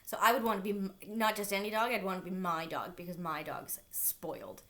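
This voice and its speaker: A woman's voice: medium pitch, a little fast, bright, forceful tone. A woman reading a children's book aloud, stopping for chatty asides to young listeners.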